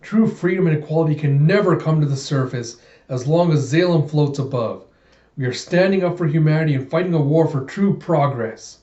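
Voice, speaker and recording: A man's voice: a little high, a little fast, dark tone, reverberant, lo-fi sound, natural voice. A man voicing a cold, ruthless male revolutionary colonel who gives orders in a stern, commanding way. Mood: scornful.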